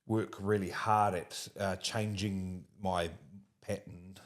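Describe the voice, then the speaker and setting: A man with a New Zealand accent and a low voice interviews a guest at a slow pace. He's casual and animated, laughing often and restarting his sentences.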